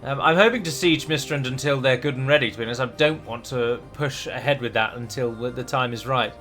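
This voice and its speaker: A man's voice: mid-range voice, brisk, a bit bright, faint music behind. A man hosting a strategy game let's play, chatty and rambling, with restarts and the odd dramatic flourish. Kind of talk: game commentary.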